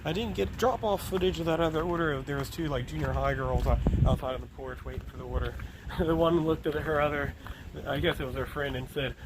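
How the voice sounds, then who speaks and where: Chatty man over loud road noise. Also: a little high, steady tone, brisk. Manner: chatty and amused, laughs often. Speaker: food delivery driver. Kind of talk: casual vlog narration. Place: in a car and walking between stops.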